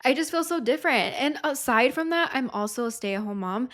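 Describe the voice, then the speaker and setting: A young woman hosting a podcast in casual chat, expressive and confessional, swearing freely. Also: high-pitched, fairly quick. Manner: emotional, confessional. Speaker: podcast host.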